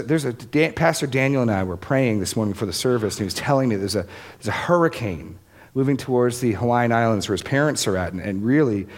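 A man preaching a sermon as pastor, earnest, repeating phrases for emphasis and lifting his voice on key lines. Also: medium pitch.

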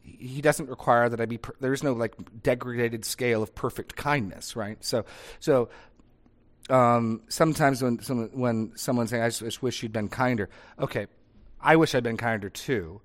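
A man preaching in a conversational, animated way, acting out short dialogues as examples. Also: medium pitch, moderate pace. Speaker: pastor. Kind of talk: conversational sermon.

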